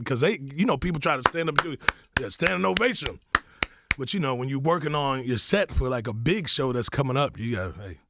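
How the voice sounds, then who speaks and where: A man's voice: animated, a little fast, vocal fry, a bit bright. A young man, a comedian guest, talking casually in a radio interview and telling stories with quoted voices. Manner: laid-back, storytelling, acts out quotes with rising pitch.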